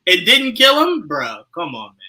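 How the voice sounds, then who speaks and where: A man hosting a casual podcast chat, animated and laughing often, dropping to low asides and jumping to loud outbursts. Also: moderate pace, a crowd in the background, rough recording. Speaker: podcast host.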